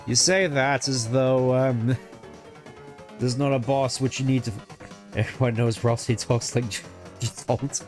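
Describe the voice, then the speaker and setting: A man's voice: medium pitch, steady tone, slow, a little mellow, soft background music. A man streaming a video game, giving casual commentary and laughing at his own jokes between lines of dialogue.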